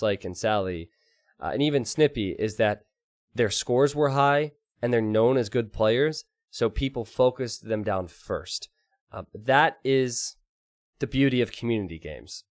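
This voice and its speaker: A man casting a strategy game live and chatting with his stream audience, excitable and quick to laugh. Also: on the low side, no echo, studio quality. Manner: excitable, laughs often, talks to chat.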